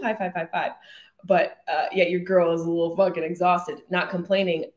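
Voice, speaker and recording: A woman's voice: lowish voice, flat delivery, brisk, roomy sound. A woman hosting her own podcast, rambling through casual jokey stories with plenty of swearing. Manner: chatty, profane, jokey rambling. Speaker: podcast host. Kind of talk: casual solo podcast chat.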